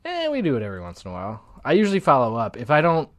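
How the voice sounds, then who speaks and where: A man's voice: medium pitch, wildly swooping pitch, very fast, dry recording. A man from Ohio co-hosting a casual chat, rambling with fillers and hedges. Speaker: podcast co-host. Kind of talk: casual chat over beers.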